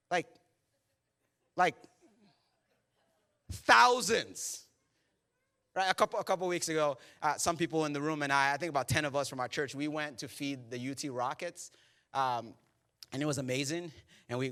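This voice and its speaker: A male pastor delivering a sermon with a high voice. His tone is bright and forceful, and he tells his stories with lively humor, slipping into the voices of the people in them. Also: brisk, clean tone. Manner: animated, joking storyteller who acts out quotes. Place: church service.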